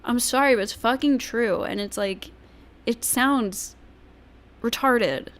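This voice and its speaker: Brief: woman streamer, fairly high voice, blunt and foul-mouthed ranting commentary. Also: slow pace. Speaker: streamer reacting to clips. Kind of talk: casual livestream commentary.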